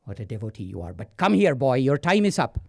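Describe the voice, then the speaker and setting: A husky-voiced man voicing a harsh, imperious male god of death in a told story. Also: mid-range voice, big pitch swings, quick pace, no room sound, studio quality. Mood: mocking. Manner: imperious, mocking.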